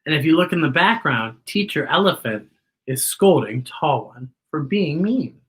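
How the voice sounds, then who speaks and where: A woman hosting a children's story time, reading a picture book aloud in an expressive way and speaking to the children directly. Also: low-pitched, normal speed, husky.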